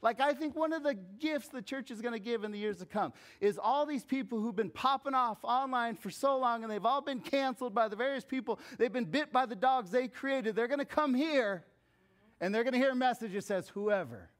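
A man preaching a sermon as pastor, swinging from hushed, intimate lines to loud, emphatic calls. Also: very high voice, fairly quick.

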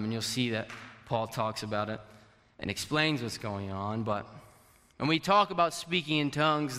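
In a reverberant church hall, a pastor with a pushed, bright, medium-pitched voice asks his congregation questions during a conversational sermon. He comes from a Portuguese-speaking country, and Portuguese is his first language.

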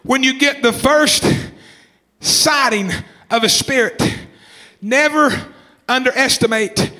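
A man in his twenties preaching a fervent sermon, repeating phrases, shouting some lines and calling on listeners by name. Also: extremely high pitch, slow pace. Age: 20s. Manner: calls out congregation members by name.

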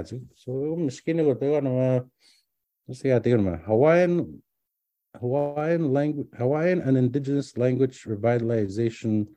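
A man's voice: medium pitch, mellow, no room sound. A middle-aged man, a language teacher, casually telling his own story in a rambling way, with many restarts. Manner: rambling, restarts often, mixes in words from another language. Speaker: language teacher and doctoral student.

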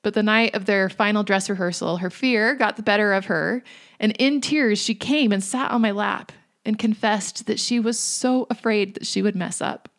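A woman in her thirties giving a reflective devotional talk in a gentle, earnest way, sometimes dropping to a hush. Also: medium pitch, steady tone, moderate pace. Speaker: faith speaker.

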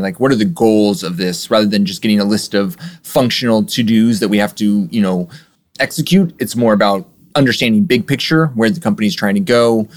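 A man who runs a software agency, answering interview questions in a relaxed, explanatory way with frequent fillers. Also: fairly low pitch. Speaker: guest, software agency owner.

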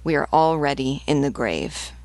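A woman's voice: rumbling low, animated, normal speed, darkish tone, no echo. A woman reading the lines of a stern aristocratic male rebel commander in a resolute, commanding way.

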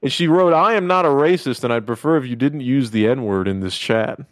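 A man's voice: mid-range voice, brisk, no room sound. A man co-hosting a podcast, telling crude, joking stories in casual chat. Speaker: podcast co-host. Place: podcast studio.

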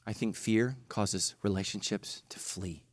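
A middle-aged man preaching a sermon as pastor. He talks passionately, jumping from loud bursts to hushed, slow emphasis. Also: lowish voice, no room sound.

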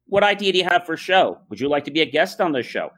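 A man hosting a talk show, speaking earnestly and calmly, with many uh and um fillers as he tells stories. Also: a little high, fast. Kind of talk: casual podcast talk.

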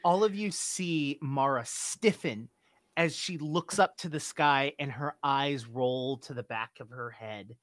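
A man narrating a tabletop game as game master, describing scenes deliberately. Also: mid-range voice, a bit bright, no room sound. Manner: deliberate, descriptive, some restarts.

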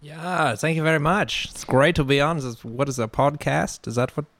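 A man's voice: a little high, moderate pace, a bit bright. Man doing a chatty German pool hustler. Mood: breezy. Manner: chatty, tags every sentence with "right?". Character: brash German male pool hustler on the run. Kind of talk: improvised comedy character.

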